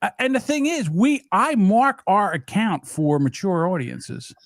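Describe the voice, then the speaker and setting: An excitable man co-hosting a livestream, his voice sitting high and swinging widely as he exclaims. The sound is close and dry, with no room around it. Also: a little slow, vocal fry, dry recording. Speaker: podcast co-host. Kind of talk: casual livestream banter.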